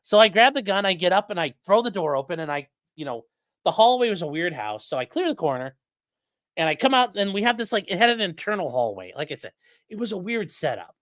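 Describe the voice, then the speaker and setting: A man in his late thirties telling a story in a casual, animated and profane way as the host of a livestream, full of gun jargon. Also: sits high, quick pace, no room sound. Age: late 30s.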